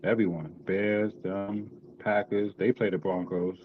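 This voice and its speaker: A man's voice: fairly low pitch, level tone, unhurried, phone-quality sound, a little hiss or hum. A man co-hosting a sports podcast, laid-back, giving short replies and asking questions about football. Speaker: podcast co-host. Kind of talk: casual sports chat.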